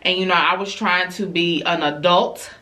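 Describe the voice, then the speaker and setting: A woman's voice: moderate pace, low-quality recording. A woman telling a story from her family life in a casual story-time vlog, talking straight to her viewers. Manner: animated storyteller, jumping high when retelling her reactions; casual and conversational, addresses viewers directly.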